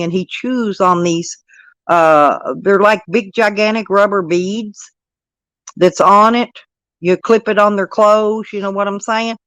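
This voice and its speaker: An older woman talking on a casual vlog, slipping into high sing-song baby talk for a grandchild. She laughs often and repeats herself. The sound is dry and close. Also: fairly bright tone, no room sound, poor audio. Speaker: vlogger and grandmother. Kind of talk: casual live-stream chat.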